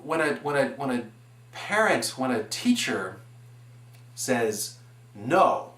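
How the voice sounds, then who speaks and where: Man, forties, animated earnest presenter, mid-range voice, roomy reverb. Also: mid-range voice, slow. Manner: earnest, animated, building points with examples. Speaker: presenter on education. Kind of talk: explanatory presentation. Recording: echoey room.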